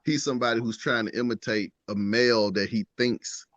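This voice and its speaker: A man's voice: medium pitch, fairly even intonation, a little fast, fairly bright tone, dry recording. A man in his late thirties who works as a school gym teacher, talking casually on a podcast in a laid-back storytelling way with frequent asides.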